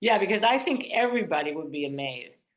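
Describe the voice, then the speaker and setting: A woman in her seventies talks casually as an interview guest, her voice sitting a little low. She tells stories with energy and slips into other people's voices as she quotes them. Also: fairly quick, poor audio. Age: 70s. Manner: animated storytelling, acting out other people's lines.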